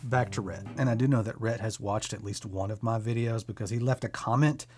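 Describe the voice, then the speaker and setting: A man hosting a music channel, talking casually and enthusiastically about creators he recommends, with quick self-deprecating asides. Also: fairly low pitch, fairly even intonation. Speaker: music YouTuber and host.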